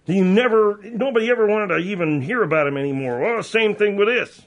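A man banters casually as a co-host on a talk radio show, offering blunt opinions. His voice is notably high for a man. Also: lively intonation, a little fast.

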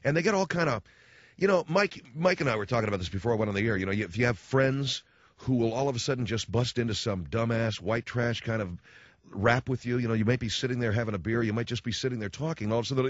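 A man's voice: mid-range voice, quick pace, no echo. A man hosting a talk radio show, blunt and sarcastic, acting out other people's voices as he goes. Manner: animated, acts out quoted voices. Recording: dull dry studio sound.

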